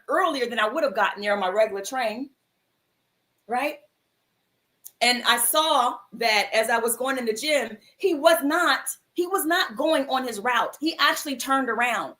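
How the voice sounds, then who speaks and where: A woman with a high-pitched voice hosts a mindfulness livestream. She tells an uplifting personal story to her viewers, animated and casual, and slips into the voices of the people in it. It sounds like a home livestream mic. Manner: animated, acts out quoted voices, casual slang. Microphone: livestream computer mic.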